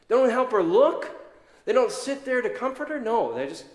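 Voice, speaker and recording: A man's voice: extremely high pitch, normal speed, reverberant, big-room sound. A man preaching an Easter sermon as pastor, telling the story dramatically and acting out its people. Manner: animated storytelling, acting out the disciples and Mary.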